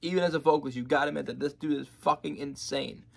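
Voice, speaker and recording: A man's voice: fairly high pitch, steady tone, fast talker, vocal fry, breathy edge. A young man giving casual, profane, rambling reaction commentary on a music video.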